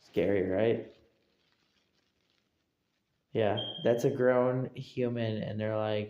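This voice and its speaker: A man's voice: fairly low pitch, steady tone, slow, long pauses, warm tone, roomy sound, muffled recording. A man streaming, rambling and repeating himself as he keeps asking listeners if they agree. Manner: rambling, repetitive, asks for agreement. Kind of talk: casual livestream rambling.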